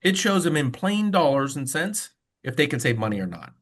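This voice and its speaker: A man's voice: fairly high pitch, sing-song, moderate pace. A man who works as a mortgage loan officer, presenting on a video call webinar in a casual storytelling way with frequent fillers.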